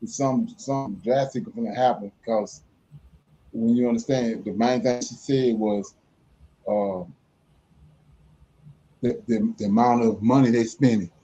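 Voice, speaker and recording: A man's voice: mid-range voice, steady tone, a little slow, pauses often, dark tone, husky, poor audio. A man making emphatic, informal points in a casual group discussion of Bible study. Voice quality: informal, emphatic, vernacular speech.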